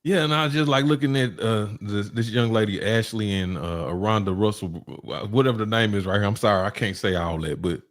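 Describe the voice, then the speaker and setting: A man's voice: on the low side, fairly quick, few pauses. A man from Texas, co-hosting a casual stream chat, asking follow-up questions and swearing a lot. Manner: probing, profane, trails off.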